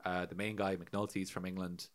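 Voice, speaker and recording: A man's voice: low-pitched, a little fast. A man with an Irish accent, co-hosting a casual podcast and telling stories with lots of swearing, laughter and acted-out voices. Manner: animated storyteller, swearing, laughing, acting out voices. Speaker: podcast co-host.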